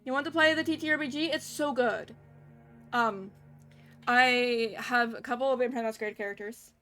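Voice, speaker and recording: Young woman streamer, casual and profane, slightly high voice, chatting with viewers. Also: moderate pace, sharp tone, soft background music. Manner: chatty, swearing, laughing at mispronunciations.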